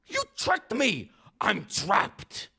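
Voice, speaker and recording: A man voicing a greedy, easily fooled male goblin in a picture-book read-aloud, with a slow gruff drawl. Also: huge pitch swings, pushed and bright, full character voice. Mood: frantic. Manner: slow gruff drawl, turning shrill and panicky when trapped.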